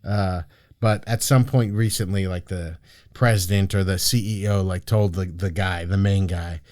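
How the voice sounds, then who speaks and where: A man's voice: deep voice, fairly even intonation, moderate pace, darkish tone, dry recording, studio quality. A man hosting a casual podcast, joking and cursing as he tells everyday stories. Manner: joking, profane, storytelling with laughs. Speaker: podcast host.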